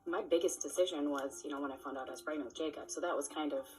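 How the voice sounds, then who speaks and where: A young woman with a notably low voice shares a personal story in a halting, emotional way. Soft music plays faintly behind her. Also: low-quality recording. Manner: emotional, halting, drops to a whisper.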